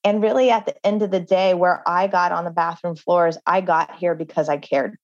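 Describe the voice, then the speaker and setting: A woman's voice: lowish voice, steady tone, brisk, no room sound, muffled recording. Earnest woman telling her story. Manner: earnest, storytelling, frequent "like" fillers. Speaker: author and guest. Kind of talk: interview conversation.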